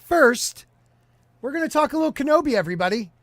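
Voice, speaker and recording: Brief: male livestream host, high bouncy voice, teasing and jokey, dry close sound. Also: animated, quick pace, a bit bright, no echo. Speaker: podcast host. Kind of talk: casual livestream panel chat.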